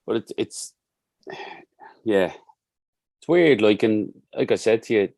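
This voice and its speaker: Podcast guest: Dublin man, football coach, deep voice, heartfelt storyteller, dry close sound. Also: lively intonation, slow, gravelly, a little mellow, dry recording. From Ireland. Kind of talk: casual podcast conversation.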